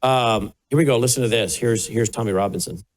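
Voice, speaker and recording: A man's voice: medium pitch, a little fast. A man hosting a talk show, asking direct questions and directing his crew. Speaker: host.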